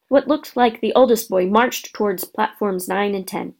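A woman narrating a storybook in a steady, expressive reading voice. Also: medium pitch, moderate pace, hardly any pauses.

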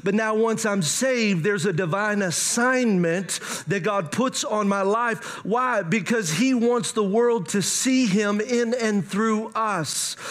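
A middle-aged man preaching, animated and conversational, with playful asides to the congregation. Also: high-pitched. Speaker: pastor. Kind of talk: sermon.

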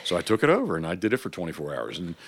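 A man's voice: sits low, rapid-fire. A man being interviewed on a podcast, telling stories in a casual way and acting out the back-and-forth of what people said to him. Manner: animated storyteller who acts out quoted exchanges. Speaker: hunting and fishing guide.

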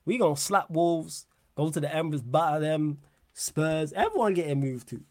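A man's voice: a little high, moderate pace, dry recording. A young man hosting a live football podcast stream, chatting casually in slang and repeating himself, close to the mic. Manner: animated, laughing slang-heavy banter, repeats phrases. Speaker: podcast host.

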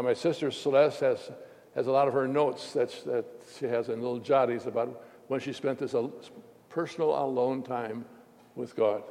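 A pastor giving a sermon, telling a heartfelt personal story in a reflective way. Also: male voice, mid-range voice, gravelly, darkish tone. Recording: long hall reverb.

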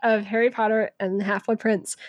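A woman's voice: mid-range voice, flat delivery, fairly quick, dry recording, dull audio. A woman co-hosting a podcast, talking casually and hesitantly with many fillers. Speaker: podcast co-host. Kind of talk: casual chat.

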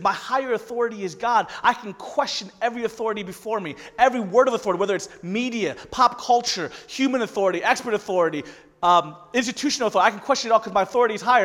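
A man in his thirties preaching a conversational sermon as pastor, building into loud emphatic stretches. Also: sits high. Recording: long reverb of a large hall.

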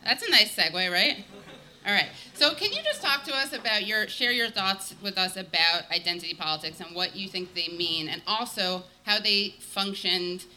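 A woman's voice: medium pitch, animated, moderate pace, sharp tone, slight background noise. A woman hosting a live talk show, chatty and joking, going off on tangents as she introduces guests. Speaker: podcast host.

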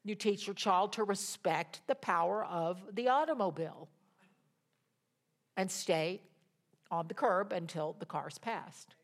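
A woman preaching a sermon, retelling a scripture story with animated emphasis and pauses. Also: mid-range voice.

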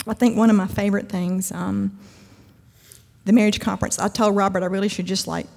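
A woman's voice: medium pitch, fairly even intonation, a little fast, vocal fry, a little mellow. A woman giving a conversational, emphatic sermon-style talk at a church event, with humor and frequent asides. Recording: long hall reverb.

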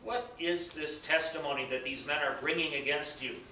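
A man voicing a stern male high priest who asks forceful, demanding questions, recorded at a distance in an echoing room. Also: fairly even intonation, moderate pace. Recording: bright roomy echo, distant mic, faint rumble.

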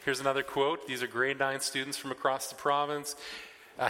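A middle-aged man preaching a sermon, telling stories with lively acted-out scenes and quieter reflective moments. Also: mid-range voice, fairly quick. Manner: animated, acts out scenes, then turns quiet and reflective. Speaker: pastor. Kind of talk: sermon with personal storytelling. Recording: long reverb of a large hall.

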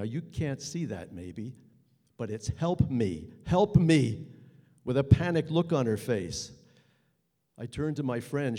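A man's voice: medium pitch, warm tone, big-room sound. Earnest man telling a story live. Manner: earnest, halting pauses, building tension. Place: theater stage.

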